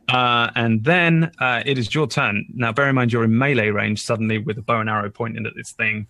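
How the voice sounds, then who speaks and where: Acting as dungeon master for a tabletop game, a man narrates in a medium-pitched voice at normal speed. His delivery is relaxed but hesitant, with lots of fillers.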